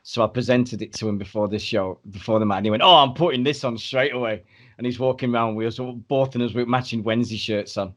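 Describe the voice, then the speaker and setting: A man telling lively anecdotes on a podcast. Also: fairly low pitch, fast, few pauses. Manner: animated storyteller. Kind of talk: casual anecdote chat.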